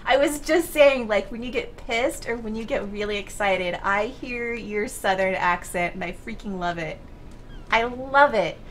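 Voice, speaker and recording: A young woman streaming a video game live, chatting and joking, then breaking into excited shrieks and laughter when the action heats up. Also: medium pitch, unhurried, a little hiss or hum. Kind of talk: live gameplay commentary.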